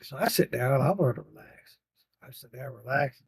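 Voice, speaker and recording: A man's voice: mid-range voice, expressive, moderate pace, creaky, darkish tone, slightly rough, dry recording. An older man telling a rambling, profane story about his grandchildren, laughing often. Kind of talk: casual storytelling.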